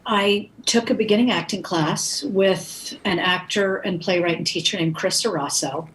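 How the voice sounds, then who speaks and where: A woman's voice: mid-range voice, moderate pace, low-quality recording. A middle-aged actress telling stories in conversation, acting out the people she quotes. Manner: animated anecdotes with acted-out quotes. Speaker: actress, guest. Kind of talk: conversational storytelling.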